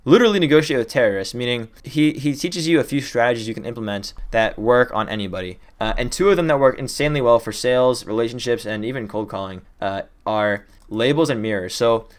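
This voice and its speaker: A young man teaching cold-calling tips in a casual, excited way, riffing off the top of his head and talking quickly. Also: medium pitch. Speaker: sales trainer. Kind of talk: fast casual teaching to camera.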